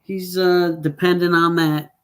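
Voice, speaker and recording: A man's voice: sits high, little pitch movement, measured pace, a bit bright. A man co-hosting a casual fight predictions show, rambling through stats and checking numbers aloud with plenty of fillers. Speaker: podcast co-host.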